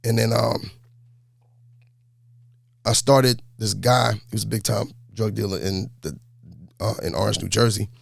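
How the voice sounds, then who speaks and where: A gravelly, lowish male voice, a coach in his forties telling his own story in a relaxed, lively way. The sound is dry and close. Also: unhurried, long pauses, dry recording. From New York. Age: 40s. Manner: laid-back, animated storyteller. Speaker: high school basketball coach. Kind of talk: storytelling in an interview.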